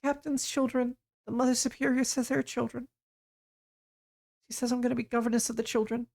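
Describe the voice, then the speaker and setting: A man voicing a dazed young woman living on the street, speaking in a soft, distant, confused way. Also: extremely high pitch, flat delivery, a little fast, gravelly, pitched above the performer's own voice.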